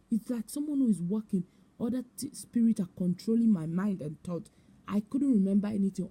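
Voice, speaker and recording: A woman's voice: mid-range voice, mellow, husky. A woman giving a personal testimony, telling her story with emotion and repetition and acting out the voices of others. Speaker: testimony speaker.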